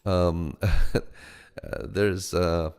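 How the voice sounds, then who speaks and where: A man with a blended American and Indian accent speaks in a low, smooth, resonant voice, greeting his live-stream audience by name. His delivery is unhurried and full of ums and small restarts, and a long reverberant tail trails every phrase in his studio. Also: fairly even intonation. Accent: American-Indian mix. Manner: halting, frequent ums and restarts, greets each viewer warmly by name. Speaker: host of a live meditation stream. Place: home studio.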